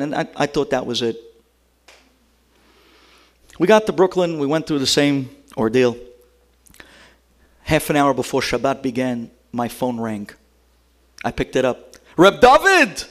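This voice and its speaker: A man's voice: on the high side, normal speed, long pauses. A man who is a rabbi, telling a personal story to an audience and acting out the other speakers in it.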